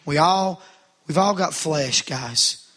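A man's voice: fairly high pitch, slow pace, a bit bright, slightly rough. A middle-aged man preaching a sermon, calling out to the congregation with rising fervor.

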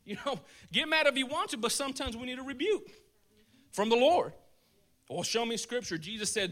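A man preaching a casual, animated sermon in a colloquial way, chuckling as he goes. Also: sits high, a little fast.

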